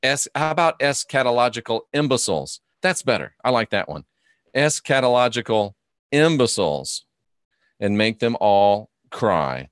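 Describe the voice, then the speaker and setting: A man's voice: mid-range voice, very animated, normal speed, dry recording, studio quality. A man hosting a live stream, ranting and mocking his opponents while reading viewer comments aloud. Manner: mocking, combative, reads chat comments aloud.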